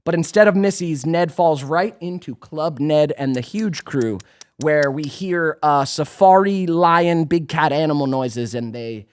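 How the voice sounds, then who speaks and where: A man's voice: a little high, unhurried, clear, resonant tone. A man co-hosting a podcast, recapping episodes in a loose, chatty way with lots of fillers and laughs. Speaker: podcast co-host. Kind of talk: casual rewatch recap chat.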